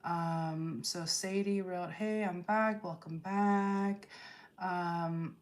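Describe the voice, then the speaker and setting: A woman's voice: on the low side, fairly even intonation, slight background noise. A woman hosting a tarot livestream, reading viewer comments aloud and firmly setting chat rules. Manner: slow and deliberate, firm about chat rules.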